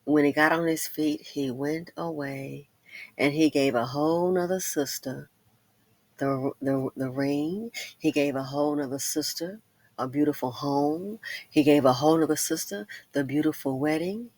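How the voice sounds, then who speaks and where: Middle-aged woman, casual commentary host; lowish, bright tone, dry close sound, animated storyteller. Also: normal speed, no room sound. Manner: chatty storytelling, addresses ladies directly; laughs and breaks into loud exclamations.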